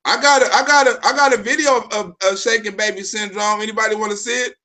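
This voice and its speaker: Male livestream host with a high voice. Loose street slang, swearing, sudden loud bursts. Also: fairly even intonation, quick pace. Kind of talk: casual livestream chat.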